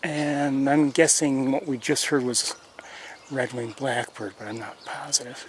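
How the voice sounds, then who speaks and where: A man's voice: medium pitch, steady tone, a little slow. Man narrating a birding walk outdoors. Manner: thinking aloud, hesitant restarts, chuckling at geese. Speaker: birding tour host. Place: outdoors on nature trails by a pond. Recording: faint outdoor noise. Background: birdsong and outdoor ambience.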